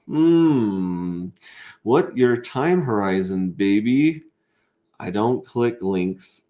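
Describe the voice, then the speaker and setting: A man with a somewhat low voice runs a casual livestream and reads out viewers' comments. He talks excitably and rambles, tripping over his words and restarting sentences as he goes. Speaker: livestream host.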